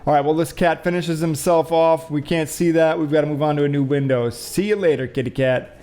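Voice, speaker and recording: A man's voice: on the high side, fairly even intonation, brisk, a little mellow, faint music behind. A man hosting a casual show, rambling and thinking aloud with joking asides as he reads out headlines. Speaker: show host. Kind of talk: casual commentary on window views and news.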